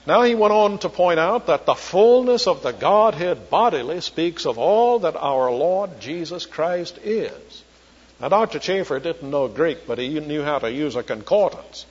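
An older man, from Charleston, preaching an expository sermon and slowing down when he quotes scripture. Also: fairly high pitch. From Charleston, South Carolina. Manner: slows down to quote scripture, teacherly. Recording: dull lo-fi recording, long hall reverb.

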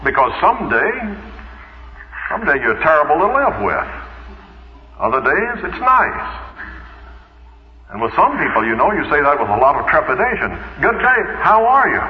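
A man's voice: mid-range voice, big pitch swings, normal speed, pauses often. A man teaching the Bible in a radio sermon, conversational, with rhetorical questions and homely asides. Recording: echoey hall, dull old radio broadcast.

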